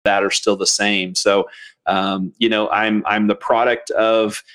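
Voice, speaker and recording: A man appearing as a podcast guest, modest and relaxed, talking through his career with many small fillers. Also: on the low side, measured pace, smooth. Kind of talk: casual podcast interview.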